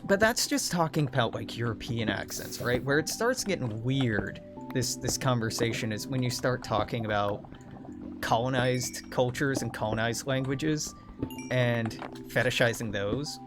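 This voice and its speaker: A man's voice: medium pitch, a little slow. Sardonic, profane young man rambling. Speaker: gaming channel host. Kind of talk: casual rambling commentary over gameplay. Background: background music.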